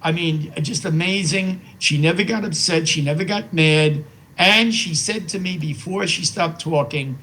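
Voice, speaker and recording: A man's voice: a little high, a little slow, sharp tone, low-quality recording. A man in his eighties, a guest in an interview, telling stories in a rambling, heartfelt way and often repeating himself with "you know". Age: 80s. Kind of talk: heartfelt conversational storytelling.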